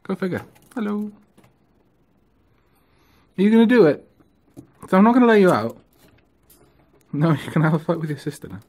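A man filming a casual vlog of his pet ferrets, cooing to them in gentle baby talk. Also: sits high, sing-song, normal speed, pauses often, breathy edge. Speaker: vlogger.

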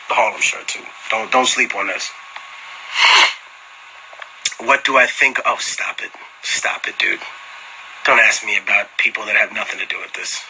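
A man tells swearing, animated stories and answers fans on a phone live stream, often laughing. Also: fairly low pitch, a little hiss or hum, poor audio. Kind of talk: casual storytelling chat.

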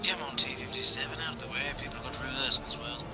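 Racing through his words, a gaming commentator narrates a tank game in a hammy mock-posh officer voice, swearing often. His pitch is medium and his intonation fairly even.

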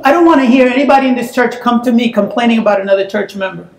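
A woman preaching a sermon in a church, telling a personal story in an animated way that breaks into shouts and laughter. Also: fairly high pitch, rapid-fire, roomy sound, slight background noise. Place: church sanctuary.

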